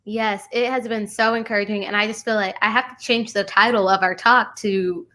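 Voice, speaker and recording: A woman's voice: medium pitch, fairly even intonation, normal speed, sharp tone. Enthusiastic woman hosting a live stream. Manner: enthusiastic, reads viewer comments aloud, uses "y'all". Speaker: host. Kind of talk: casual live-stream chat.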